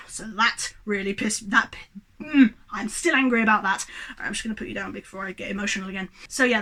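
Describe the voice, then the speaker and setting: A young woman with a high, bright voice rants about a film at home, getting more exasperated as she goes. She talks in a worked-up, sweary way, straight into a camera on a tripod. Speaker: movie reviewer. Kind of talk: animated ranting movie review.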